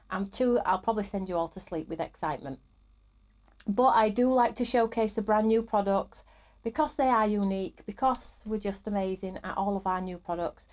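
A woman's voice: mid-range voice, a little mellow. A woman, middle-aged, hosting a live craft stream in an upbeat, chatty way and greeting viewers by name.

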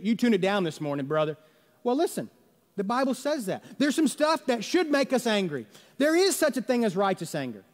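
Man, pastor, high voice, conversational sermon, rhetorical questions, long church reverb. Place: church sanctuary.

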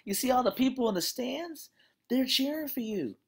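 A lecturer acting out an encouraging father who coaches youth baseball, giving a pep talk full of repeats, in a much higher voice than their own. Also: lively intonation, normal speed, vocal fry, slightly rough, heavily acted. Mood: urgent pep talk. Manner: pleading, repetitive pep talk.

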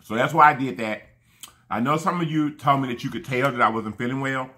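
With a medium-pitched voice that sounds pushed and bright, the man talks briskly to the camera between bites. This mukbang vlogger is casual, effusive and rambling, thanking his viewers again and again.

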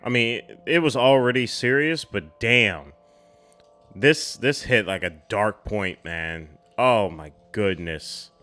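A man's voice: lowish voice, expressive, slow pace, bright, forceful tone. A man hosting a reaction video, exclaiming and chatting in casual slang about what he watches.

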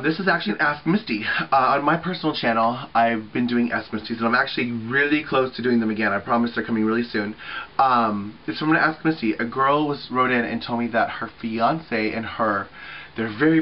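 A man's voice: mid-range voice, muffled recording, slight background noise. Chatty, swearing man in his thirties. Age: 30s. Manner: chatty, swears freely, many fillers and asides. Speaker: vlogger on a group channel. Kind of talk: casual weekly video chat.

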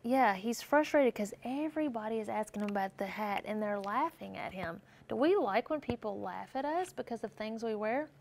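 A woman's voice: on the high side, normal speed, creaky, hardly any pauses, slight background noise. A woman teaching young children, reading a picture book aloud and asking them questions as she goes. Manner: animated, asks questions and answers for listeners. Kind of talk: storybook read-aloud lesson with questions to children.

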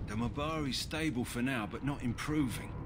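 An actor playing a calm, matter-of-fact male kennel master tending a sick war dog, in a video game. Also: mid-range voice, moderate pace, very noisy, natural voice.

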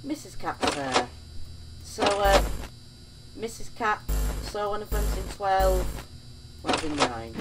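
A woman hosting a gaming channel, jumpy and excitable in horror game commentary. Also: medium pitch, takes it slowly, long pauses, loud music behind the voice, low-quality recording. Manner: jumpy, excitable, talking to herself.

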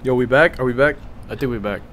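A young man with a medium-pitched, somewhat bright voice talks fast over slight background noise while streaming a horror game. Jumpy and profane, he swears a lot, calls everyone "bro" constantly, yelps when scared and then mutters.

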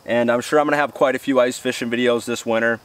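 A man's voice: mid-range voice, fairly even intonation, quick pace. A man hosting an outdoor cooking vlog, chatty and enthusiastic in a folksy way. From US Midwest. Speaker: outdoor show host. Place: outdoors near woods. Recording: distant outdoor mic, faint noise.

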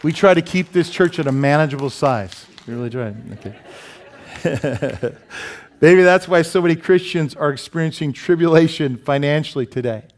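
A man preaching a sermon as pastor in a church, animated and joking, asking the congregation many questions. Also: on the high side, moderate pace, slight background noise. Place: church sanctuary.

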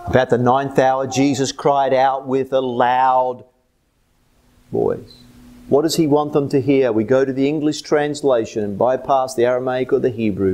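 A man with an Australian accent preaching a sermon as pastor, swinging between loud emphatic lines and low hushed ones. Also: steady tone, moderate pace.

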